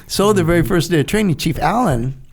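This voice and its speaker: A man in his seventies, a podcast guest, telling stories in a casual, animated way and acting out the people he quotes. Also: a little high, fairly quick, slightly rough. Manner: animated, laughs between lines, acts out the people he quotes. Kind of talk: casual storytelling.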